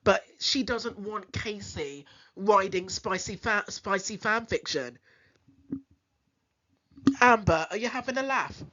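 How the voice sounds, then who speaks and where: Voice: medium pitch, slow, long pauses, noisy background. Mocking commentator, lo-fi sound. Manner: mocking, emphatic. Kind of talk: sarcastic commentary.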